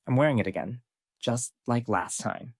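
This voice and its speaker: A man voicing a cold, commanding male high-school fighter with calm questioning. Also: normal speed, vocal fry, husky, no room sound, clean studio sound.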